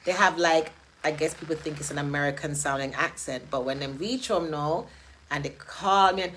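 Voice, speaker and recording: Woman, middle-aged, chatty, animated, bright, slightly low voice. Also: moderate pace, low-quality recording. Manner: chatty, animated, laughs often and jumps into patois impressions. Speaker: event host. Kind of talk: casual monologue.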